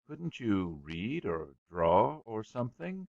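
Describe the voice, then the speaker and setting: A man voicing a harassed mother who gives brisk, dismissive replies in an audiobook. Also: lowish voice, big pitch swings, creaky, a little mellow, no echo, muffled recording, full character voice. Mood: weary. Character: harassed mother, calm but impatient.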